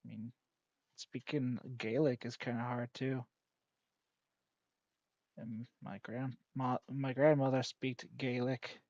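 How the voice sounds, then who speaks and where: A man's voice: medium pitch, flat delivery, slow, pauses often, darkish tone, no room sound. Giggly joking man in dull lo-fi sound. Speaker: let's play host. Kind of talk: casual gaming commentary.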